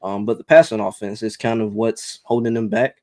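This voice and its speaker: Measured male sports analyst, dry sound. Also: fairly low pitch, steady tone, warm tone, dry recording. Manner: measured, lots of "um" and "you know". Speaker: podcast co-host.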